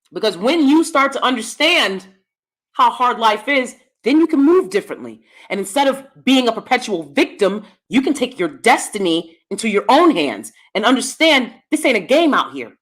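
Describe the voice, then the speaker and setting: A middle-aged woman hosting her own channel, talking bluntly and lecturing in a casual monologue to the camera. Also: a bit bright. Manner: blunt, lecturing, switches between low asides and emphatic bursts. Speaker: YouTube commentary host.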